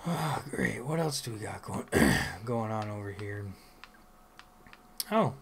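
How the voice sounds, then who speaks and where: A man's voice: on the low side, animated, slow, creaky, slight background noise. A man talking casually over his own video game playthrough, muttering to himself and then cursing at enemies. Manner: swears loudly at enemies, rambling asides. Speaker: gameplay video host. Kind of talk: casual let's play commentary.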